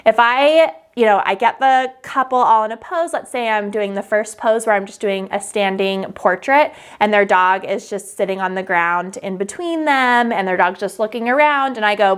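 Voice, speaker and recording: A woman's voice: on the high side, a bit bright. A woman wedding photographer giving a casual tutorial to camera, chatty and upbeat, with frequent "um" and "like".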